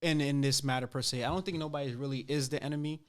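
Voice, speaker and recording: Man, podcast host, casual and agreeable, mid-pitched everyday voice. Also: fairly even intonation, fast. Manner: agreeable, affirming the other speaker often. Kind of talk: casual debate chat.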